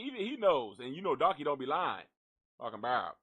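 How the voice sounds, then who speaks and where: A man's voice: mid-range voice, sing-song, a little fast, fairly bright tone, breathy edge. A man hosting a live gossip stream, rambling and cursing in a jokey, casual way as he signs off. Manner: profane, rambling, jokey, talks to an unseen donkey.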